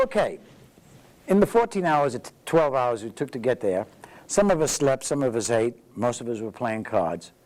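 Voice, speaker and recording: A man's voice: medium pitch, poor audio. A man, a veteran telling his story in an interview and acting out the dialogue. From the Bronx, New York. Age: 80s. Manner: lively storyteller who acts out dialogue. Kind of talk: anecdotal storytelling.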